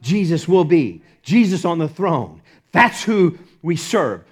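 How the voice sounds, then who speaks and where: A fervent male pastor with a fairly high voice delivers a sermon. He drops to near-whispers on repeated phrases, then builds to ringing declarations, stumbling over restarts and chuckling as he goes. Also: lively intonation, measured pace, few pauses. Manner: impassioned, swings from hushed to loud with restarts and chuckles.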